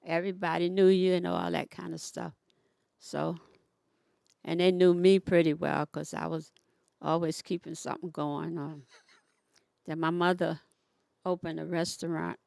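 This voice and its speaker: A woman's voice: fairly low pitch, gravelly, no room sound, studio quality. An older woman, the interview guest, telling stories from her past in a rambling, folksy way. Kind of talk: casual storytelling.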